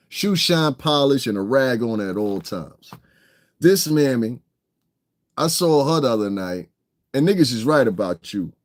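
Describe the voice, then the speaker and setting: A man giving a profane, confrontational, mocking rant as an online hip hop commentator, swinging between shouting and muttering. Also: medium pitch. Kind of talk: ranting streamed commentary.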